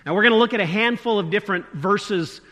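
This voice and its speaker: A man's voice: sits high, quick pace, fairly bright tone, big-room sound. A man preaching a sermon as pastor, earnest, often repeating a word and shifting his emphasis. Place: church sanctuary.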